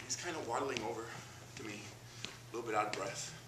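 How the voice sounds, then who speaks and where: A man from Miami performing an animated, self-mocking comic monologue on a theater stage. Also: medium pitch, fast talker, recorded from a distance. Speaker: solo performer. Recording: roomy stage taped from afar, noisy.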